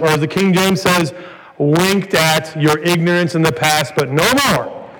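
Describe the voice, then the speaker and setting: A pastor's slightly high, somewhat bright voice fills a church sanctuary as he gives an earnest sermon that climbs to emphatic peaks. Church hall reverb and faint noise are audible.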